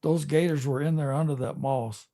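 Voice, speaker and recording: An older man tells a long fishing yarn in a relaxed, folksy way, chuckling between the details. His voice sits a little higher than most men's. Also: moderate pace, creaky. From Texas. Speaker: fishing captain and guest. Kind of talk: casual storytelling.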